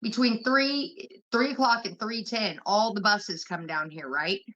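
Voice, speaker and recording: A woman's voice: mid-range voice, unhurried, a bit bright, a little hiss or hum. A young woman hosting a livestream, telling rambling stories full of profanity in casual chat. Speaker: livestream host. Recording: muffled lo-fi stream audio.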